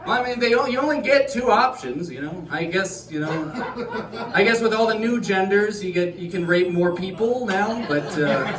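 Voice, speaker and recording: A male stand-up comedian telling a rambling, self-deprecating set in deadpan. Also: high voice, recorded from a distance. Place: comedy club stage. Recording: roomy club sound with crowd laughter.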